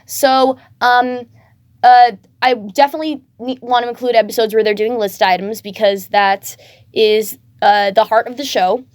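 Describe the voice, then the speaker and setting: A woman's voice: fairly high pitch, steady tone, moderate pace, dry recording. A tired woman casually chatting to her viewers, rambling with lots of fillers, her voice cracking a bit. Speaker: fan-fiction creator.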